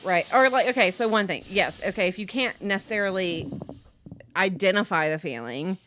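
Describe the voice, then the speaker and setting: A woman's voice: medium pitch, animated, normal speed, fairly bright tone, a little hiss or hum. A woman co-hosting a therapy podcast in a casual way, full of "like" and restarts.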